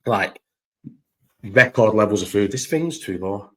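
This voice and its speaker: Indoors at home, a young vlogger speaks in a lowish, animated voice without hurrying. His casual chat wanders, laced with swearing, frequent restarts, and unfinished thoughts. He uses his own recording gear and might not be speaking through the microphone.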